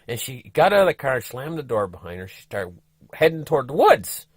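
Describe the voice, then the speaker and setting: A man's voice: medium pitch, big pitch swings, brisk, slightly rough, dry recording. A folksy man spins a rambling story, his voice rising and falling a great deal. He talks to his viewers with asides and restarts, and the sound is dry and close. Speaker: travel vlogger. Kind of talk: casual storytelling.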